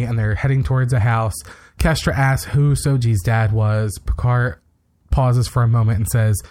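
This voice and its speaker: Guy recapping a tv episode on a podcast, middle pitch, lots of uhs and likes. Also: steady tone, moderate pace, darkish tone. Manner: retells scenes with quoted lines, many fillers. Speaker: podcast co-host.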